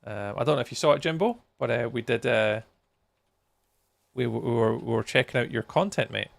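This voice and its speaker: Very gravelly tired man streaming. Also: mid-range voice, moderate pace, no room sound. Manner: chatty, reacts to chat messages, talks while playing. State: tired, yawning. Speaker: game streamer. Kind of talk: casual live-stream chat with viewers.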